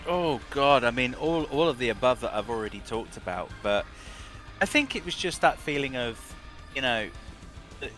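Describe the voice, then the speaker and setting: A man's voice: medium pitch, expressive, normal speed, fairly bright tone, faint music behind. A man who works as a voice director, giving long, rambling interview answers full of restarts.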